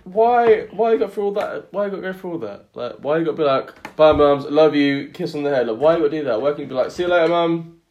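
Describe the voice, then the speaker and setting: A young man co-hosting a podcast, chatting casually and telling animated stories. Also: a little high, lo-fi sound. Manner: animated storyteller, quick banter. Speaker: podcast co-host. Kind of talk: casual chat.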